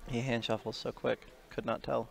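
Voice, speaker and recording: A man in relaxed, chatty co-commentary on a live-streamed card game. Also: mid-range voice, normal speed, creaky. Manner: relaxed, chatty, laughs easily.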